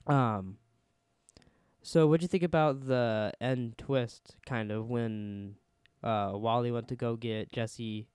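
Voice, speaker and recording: A young man chats casually on a podcast, teasing and quick to giggle. His voice is smooth and clear at a middle pitch. The sound is dry and close to the mic. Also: a little mellow, dry recording. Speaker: podcast co-host. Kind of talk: casual chat.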